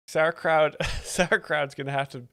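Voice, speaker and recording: A man's voice: on the high side, a bit bright, clean tone, no echo, clean studio sound. A man hosting a live stream, commenting playfully on a comedy clip and laughing often. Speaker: joke explainer host.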